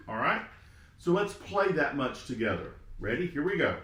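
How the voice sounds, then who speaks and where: A man's voice: on the high side, very animated, moderate pace, a bit bright, reverberant. A man giving a trombone lesson, patiently explaining and counting beats and naming notes aloud. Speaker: trombone teacher. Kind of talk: step-by-step music lesson.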